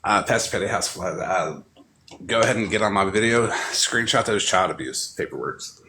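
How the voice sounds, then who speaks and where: A man with a very deep voice chats casually on a live stream, trading easygoing jokes. His tone is bright and forceful despite the low pitch. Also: expressive, normal speed, slight background noise, poor audio. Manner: joking, easygoing banter. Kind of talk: casual livestream chat.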